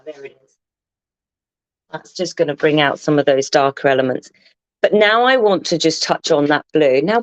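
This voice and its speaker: A woman's voice: low voice, dry recording, muffled recording. A woman hosting a live craft demonstration, chatty and enthusiastic as she thinks aloud and answers viewers. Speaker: craft tutor hosting a livestream.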